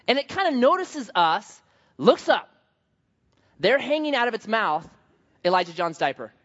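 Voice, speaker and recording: A man's voice: high voice, moderate pace. A man preaching a sermon, telling stories with humor and playful asides. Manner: animated storytelling, joking. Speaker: pastor. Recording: dull sound in a large reverberant hall.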